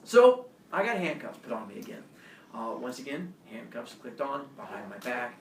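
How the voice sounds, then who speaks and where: Gravelly man telling a story far off. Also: mid-range voice, moderate pace, slight background noise. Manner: animated, self-mocking storyteller. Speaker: teacher telling a story to a class. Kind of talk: personal storytelling. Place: classroom. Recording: echoey classroom from far off.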